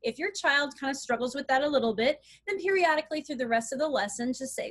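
Middle-aged woman, slightly high voice, clear encouraging instructor for a parent math walkthrough. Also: fast, a bit bright. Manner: clear, encouraging, explains step by step while handling an abacus.

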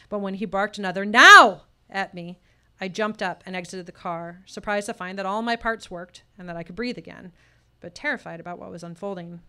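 Bright, crisp woman telling a true story. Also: mid-range voice. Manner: personal story told with tense quoted dialogue. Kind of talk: live storytelling performance. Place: live showcase venue.

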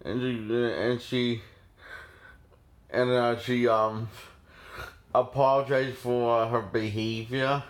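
A man's voice: mid-range voice, level tone, slow pace, pauses often. A man casually reviewing a horror film, rambling with many restarts and frequent laughs.

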